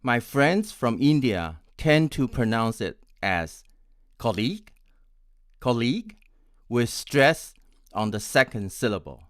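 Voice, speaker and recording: A man in his sixties from Taiwan, an English pronunciation coach, teaching in a deliberate way and spelling words out letter by letter. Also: medium pitch, animated, no echo, studio quality. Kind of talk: scripted teaching.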